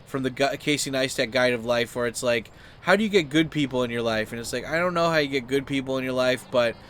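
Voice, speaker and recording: A man's voice: fast talker, slight background noise. A man, host of his channel, telling a story as a casual rant, full of "like" and fillers and acting out the people he quotes. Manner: rambling, heavy use of "like" and fillers; acts out quoted people with sudden high, loud outbursts.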